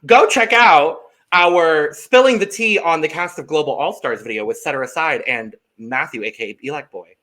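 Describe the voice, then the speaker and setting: A man's voice: fairly high pitch, normal speed, hardly any pauses, sharp tone. A man hosting a podcast in casual chat, upbeat and leading the discussion. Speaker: podcast host.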